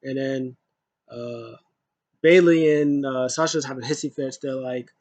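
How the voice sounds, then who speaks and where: A man's voice: medium pitch, steady tone, measured pace, darkish tone, no room sound. A man giving a loose, rambling casual recap as a wrestling show reviewer, full of asides.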